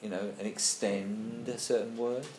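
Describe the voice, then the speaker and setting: A man's voice: lowish voice, level tone, moderate pace, a little mellow. A man leading a casual group discussion, thinking aloud and reading passages out to the group. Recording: echoey room, faint background noise.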